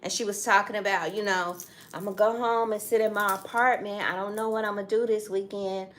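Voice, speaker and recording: A woman's voice: medium pitch, fairly even intonation, a little fast. A middle-aged woman in casual conversation who tells the story with feeling and keeps turning aside to speak straight to her listeners. She talks as a co-host chatting with her partner. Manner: emphatic storytelling with direct asides. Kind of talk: casual chat.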